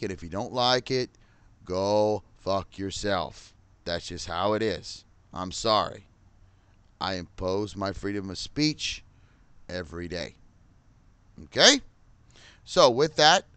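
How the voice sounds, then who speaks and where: Middle-aged guy ranting into the camera, cussing a lot, low voice that swings up and down, dry sound. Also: lively intonation, unhurried, sharp tone, clean tone, no echo. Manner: heated, profane, repeats "Okay?". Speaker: podcaster and musician. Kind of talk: angry rant to camera.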